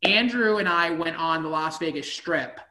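A man in his late twenties, an outgoing cosplayer chatting excitedly as a guest in an interview. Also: fairly high pitch, normal speed. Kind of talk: casual interview chat. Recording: echoey room.

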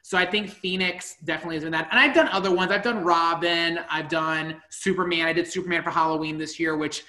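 A man in his late twenties, an outgoing cosplayer chatting excitedly as a guest in an interview. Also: fairly high pitch, fast, hardly any pauses. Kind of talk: casual interview chat. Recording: echoey room.

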